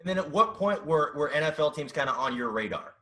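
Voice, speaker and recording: A man hosting a casual interview, asking questions in a halting way with many restarts. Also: a little high, animated, pushed and bright. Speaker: host.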